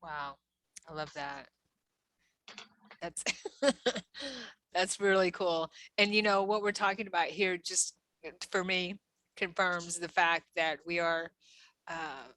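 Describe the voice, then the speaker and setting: A woman's voice: fairly low pitch, expressive, takes it slowly, pauses often, a bit bright, dry recording. A woman hosting an interview, reacting encouragingly and musing in loose, restarting sentences. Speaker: podcast host. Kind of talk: casual interview chat.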